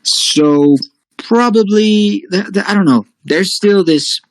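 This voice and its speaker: A man's voice: high voice, takes it slowly, dry recording, rough recording. A man talking as a guest in a casual interview, hesitant and full of fillers and restarts. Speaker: guest, fan-series creator.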